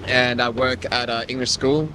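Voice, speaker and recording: A man's voice: mid-range voice, moderate pace, background noise. Easygoing young Australian man. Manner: relaxed, hesitant, lots of likes and laughs. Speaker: interviewee. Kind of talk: casual street interview. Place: city street outdoors.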